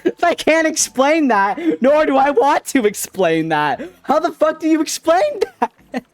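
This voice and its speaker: A man's voice: very high voice, big pitch swings, a little slow, dry recording. A young man streaming as a VTuber, chatting casually in a giggly, rambling, playful and self-teasing way. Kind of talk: casual livestream chat.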